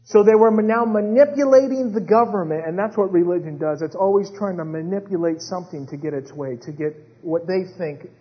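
A man preaching a sermon with dramatic swings between hushed retellings and rising intensity. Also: high voice, steady tone, brisk, hardly any pauses. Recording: dull sound with long hall reverb.

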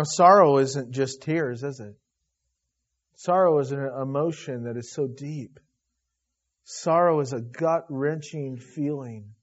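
A middle-aged man preaching a sermon as a pastor, emotional, dropping to a hush and then rising loud. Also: a little high. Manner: emotional, swinging from hushed to loud. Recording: dull lo-fi recording.

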